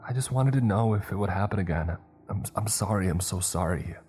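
A man's voice: fairly low pitch, brisk, a little mellow, soft background music, voice pushed up, close to an everyday voice. A man voicing a tearful pleading teenage boy. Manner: pleading and insistent.

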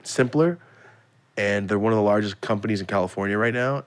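A man's voice: fairly low pitch, fairly even intonation, fairly quick. A young man hosting a podcast, rambling through stories in casual chat and swearing freely. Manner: rambling storyteller, swears freely, acts out quotes. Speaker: podcast host.

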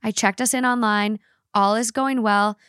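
A woman's voice: a little high, normal speed, clean tone, no room sound. Woman reading a story aloud, dry sound. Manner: expressive storytelling read. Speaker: podcast co-host reading a story. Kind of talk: reading aloud, then casual chat.

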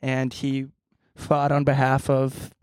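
A man's voice: mid-range voice, monotone, takes it slowly, clean tone, no room sound, clean studio sound. A man co-hosting a casual podcast, joking around in goofy banter. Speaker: podcast co-host. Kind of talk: casual chat.

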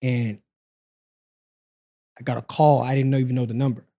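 A man in his forties tells his own story on a podcast in an easygoing, conversational way. His voice is mellow and warm, sitting at an ordinary middle pitch. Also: moderate pace. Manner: relaxed, conversational, acts out quoted dialogue.

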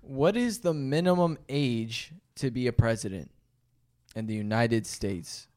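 A man's voice: mid-range voice, unhurried, a little mellow. A young man hosting a rowdy drinking trivia game among friends, announcing questions, swearing and laughing.

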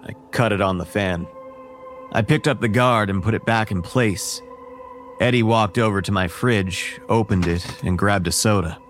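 A man narrating a first-person horror story in a measured, wary tone. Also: fairly low pitch, faint music behind.

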